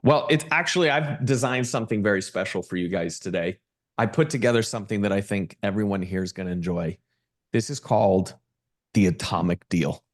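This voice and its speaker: A middle-aged man giving an emphatic, energetic motivational talk as a guest speaker and pitching his branding agency. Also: brisk.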